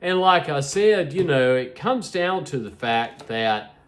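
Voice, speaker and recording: A man's voice: fairly high pitch, lively intonation, takes it slowly. A middle-aged man rambling to his viewers in a casual vlog, sleepy and yawning, often repeating himself. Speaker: vlogger.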